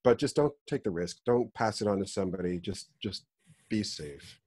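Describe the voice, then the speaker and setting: A man co-hosting a podcast, talking in a laid-back, earnest, halting way. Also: lowish voice, expressive, darkish tone, dry recording, studio quality. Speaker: podcast co-host. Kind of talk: casual podcast banter.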